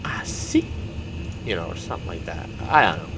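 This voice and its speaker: A man's voice: sits low, expressive, racing, a bit bright, slight background noise. A man, a gaming YouTuber, giving casual, rambling commentary while he plays a game. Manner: rambling, meandering storytelling.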